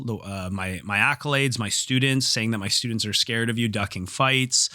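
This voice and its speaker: A man's voice: on the low side, normal speed, hardly any pauses, dry recording, clean studio sound. A man hosting a podcast, telling a story casually and with swearing, acting out the quoted lines of the people in it. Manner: animated, profane, acts out quoted dialogue. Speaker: podcast host.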